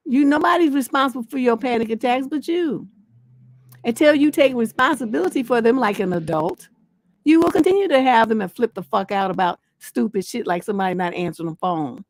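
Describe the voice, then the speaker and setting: A woman's voice: on the high side, no echo. A woman hosting a live relationship advice show, answering letters in a blunt, scolding, profane manner. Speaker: relationship coach and livestream host.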